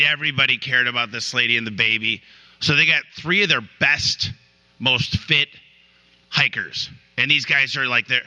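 Guy with a really bright voice giving a pep talk to a room, keeps stopping and restarting, tells stories. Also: mid-range voice, dull audio. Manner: storytelling with repeated restarts. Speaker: business owner giving a talk. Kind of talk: motivational speech. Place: room with an audience.

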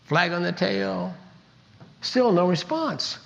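A man's voice: on the high side, normal speed, creaky, a bit bright, dull audio. An older man from Kansas giving an earnest motivational talk, telling his story with emphatic repetition. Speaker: speaker.

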